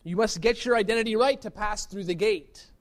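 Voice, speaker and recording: Pastor guy preaching, kinda high voice, earnest and emphatic. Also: fairly quick. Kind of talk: sermon.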